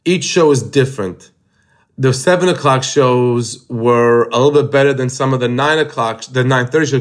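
A male comedian answers interview questions in a relaxed, casual way. He often restarts with repeated words before his point comes out. His voice sits in an ordinary middle range. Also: mid-range voice. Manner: hesitant starts, repeated words. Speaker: guest comedian.

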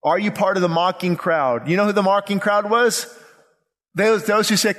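A man's voice: high-pitched, moderate pace, a bit bright. A male pastor preaching a sermon with urgent, impassioned delivery and repeated phrases. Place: church sanctuary. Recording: long reverb of a church hall.

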